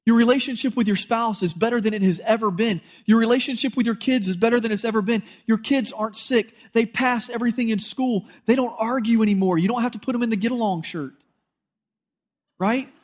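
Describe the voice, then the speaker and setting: A man's voice: sits high, a little fast. A male pastor, preaching a sermon in a conversational, storytelling way and acting out bits of dialogue.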